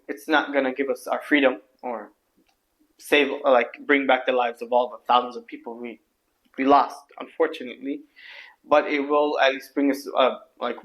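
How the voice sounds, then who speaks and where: A man from Palestine speaks English with an Arabic accent, his voice sitting at an ordinary middle pitch. He rambles candidly to his viewers in a casual vlog monologue. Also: a bit bright. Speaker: vlogger.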